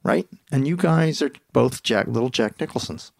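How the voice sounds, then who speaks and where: A man's voice: medium pitch, animated, normal speed, gravelly, no echo, clean studio sound. A man co-hosting a podcast, joking in a mock-serious way. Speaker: podcast co-host. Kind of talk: casual podcast banter.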